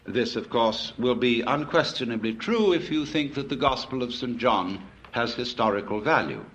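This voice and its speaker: A man's voice: medium pitch, expressive, moderate pace, a bit bright, highs cut off. A man giving a public philosophy lecture to a live audience, telling wry anecdotes.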